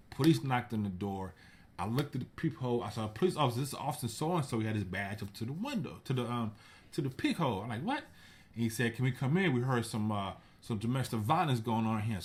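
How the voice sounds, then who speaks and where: A man hosting a casual vlog, retelling odd news stories in a laid-back, slangy way. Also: lowish voice. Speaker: show host.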